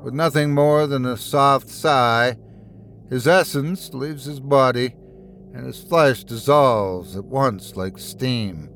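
Male horror narrator, first person, measured and steady, mid pitch. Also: a little hiss or hum.

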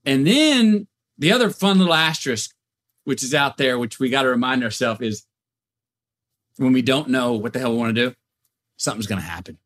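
A man guesting on a podcast, talking in a folksy, drawn-out, reflective way. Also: mid-range voice, expressive, fairly bright tone. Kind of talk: casual chat.

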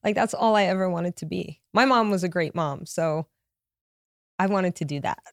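A woman's voice: fairly low pitch, moderate pace, vocal fry, no room sound, clean studio sound. A middle-aged woman from Louisiana, a podcast guest, speaking openly and reflectively. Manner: open, emotional, reflective. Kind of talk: casual interview chat.

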